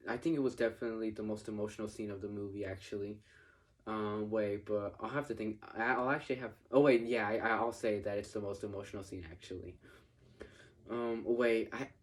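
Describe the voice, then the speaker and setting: A man talks through a film review in a loose, unscripted way. He stumbles and restarts his phrases often, fills pauses with ums and uhs, and swears casually. His pitch sits right in the middle for a man. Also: a little mellow. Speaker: movie reviewer. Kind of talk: casual spoken movie review.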